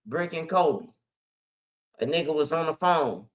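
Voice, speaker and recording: A man's voice: on the high side, animated, a little slow. Man telling a story on lo-fi audio. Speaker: host of a street news channel. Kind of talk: casual storytelling monologue. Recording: dull lo-fi audio.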